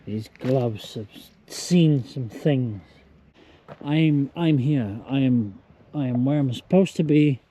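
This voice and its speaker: Tipsy man rambling slowly at a campsite. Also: medium pitch, mellow, slight background noise. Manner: rambling, self-mocking, slow and loose. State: tipsy with hiccups. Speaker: vlogger. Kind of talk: casual vlog monologue. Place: outdoors at a campsite.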